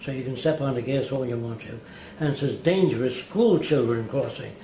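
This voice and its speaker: An older man tells anecdotes at an unhurried, deliberate pace, now and then mimicking how others talked. His voice sits at an ordinary middle pitch. It rings a little in a reverberant room, with a faint hiss of noise underneath. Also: warm tone. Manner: deliberate, slow-paced storyteller who mimics others' words. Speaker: interviewee. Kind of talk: anecdotal storytelling.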